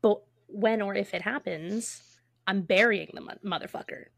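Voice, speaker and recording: Woman co-host, gravelly voice, dry close sound, frank and relaxed. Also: medium pitch, normal speed, no room sound. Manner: frank, laid-back, laughs easily. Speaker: podcast co-host. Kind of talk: casual chat.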